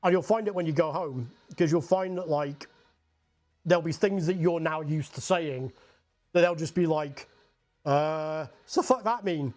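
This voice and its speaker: A slightly mellow, higher-pitched male voice at a normal speed belongs to a young Scottish man. He rambles casually while painting on a livestream, full of swearing and "like."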